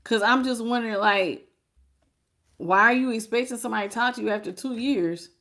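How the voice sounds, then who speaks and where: A woman's voice: a little high, fairly quick, fairly bright tone. A woman hosting a live tarot reading. She talks frankly and folksily, greets viewers by name and calls them baby. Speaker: tarot reader.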